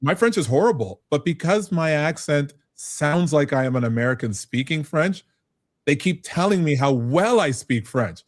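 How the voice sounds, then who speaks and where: A middle-aged man from Canada, a business advisor, telling lively, self-mocking stories as a guest in a conversational interview. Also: a little high, moderate pace, no echo, studio quality. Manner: animated storyteller, self-mocking.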